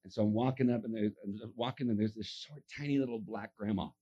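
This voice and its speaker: Husky animated man preaching a sermon. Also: fairly low pitch, quick pace, lo-fi sound. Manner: acts out voices in his stories, swings from hushed to shouting.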